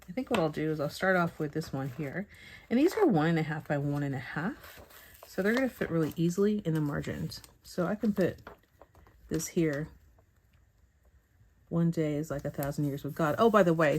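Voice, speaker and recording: A woman teaching Bible journaling, chatting softly and thinking aloud with hums and pauses as she works at a craft table. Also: low voice, a little hiss or hum. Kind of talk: relaxed craft tutorial narration.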